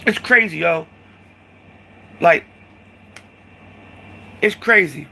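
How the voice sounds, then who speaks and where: Man, angry profane rant, high voice, gravelly, sharp bright tone. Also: fairly quick. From United States. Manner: heated, profane, repetitive, addresses listener as "dog".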